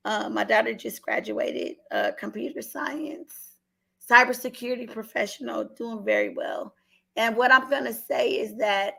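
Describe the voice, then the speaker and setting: Slightly high, a little slow, creaky, pushed and bright, this woman's voice has lively intonation. She's a middle-aged Oakland, California native with an Oakland accent, earnestly telling a personal story on a call-in show, repeating herself and holding back tears.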